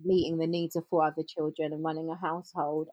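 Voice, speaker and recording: A woman, telling her story as a podcast guest in an animated way, acting out bits of dialogue. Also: low-pitched, quick pace, no echo, muffled recording. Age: 40s. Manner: animated, laughs often, reenacts dialogue. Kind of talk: casual storytelling.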